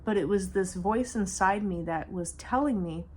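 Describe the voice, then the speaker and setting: A woman's voice: medium pitch, normal speed, a little mellow, husky. A woman vlogger telling a personal story in casual, rambling speech, slipping in humor and nervous laughs as she goes. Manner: rambling, many fillers and restarts.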